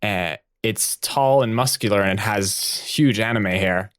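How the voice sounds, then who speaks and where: A man's voice: fairly low pitch, measured pace, fairly bright tone, clear, resonant tone, no echo, studio quality. A man hosting a podcast, narrating an improvised story in a chatty, giggly way with many fillers.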